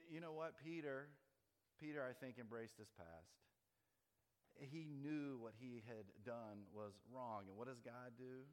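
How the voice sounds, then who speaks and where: Man preaching in a reverberant hall. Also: medium pitch. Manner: conversational preaching, slowing to stress key words. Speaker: pastor. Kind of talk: sermon.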